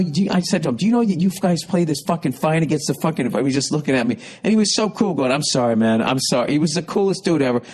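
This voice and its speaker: A man's voice: on the high side, darkish tone. A man in his fifties tells a comic story on his podcast. His delivery is an exasperated rant, full of swearing and frustration. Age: 50s. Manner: profane, exasperated, ranting. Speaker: podcast host.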